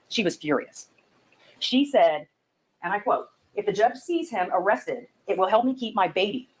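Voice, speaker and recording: Woman, prosecutor, closing argument, quick pace, husky voice, forceful. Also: medium pitch, poor audio. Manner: forceful, methodical, persuasive.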